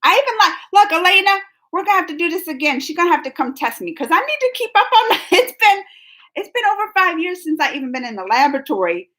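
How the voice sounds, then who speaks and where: Bright high-voiced woman, coughing. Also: very animated, fast. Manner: chatty, laughs often, talks to viewers by name. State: coughing, throat catching. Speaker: livestream host. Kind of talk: casual chat reading viewer comments.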